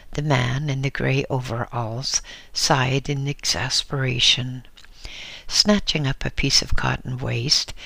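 A male narrator reads a story in a slow, deliberate way. His voice is bright with a gravelly texture. The recording is close and dry. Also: medium pitch, no echo.

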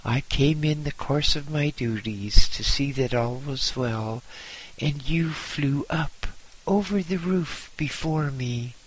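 A man's voice: medium pitch, takes it slowly, pitched above the performer's own voice, rough recording. A man voicing a kindly old lama who speaks in a soothing, reassuring way.

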